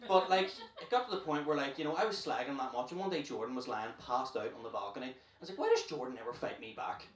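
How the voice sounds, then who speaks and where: A man's voice: medium pitch, animated. Brash Northern Irish stand-up man. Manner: brash, profane, rapid storytelling. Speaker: stand-up comedian. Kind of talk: stand-up comedy set. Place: comedy club stage. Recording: roomy club, distant mic, noisy.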